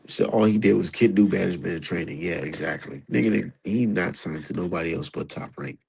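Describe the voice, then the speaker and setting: Male streamer, low gravelly voice, husky edge, loose profane live commentary. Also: quick pace, poor audio. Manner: profane, animated, talks to chat.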